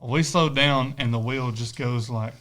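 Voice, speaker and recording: A man's voice: medium pitch, steady tone, a little slow, fairly bright tone. Man, casual podcast chat, laid-back, laughs a lot. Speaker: podcast co-host.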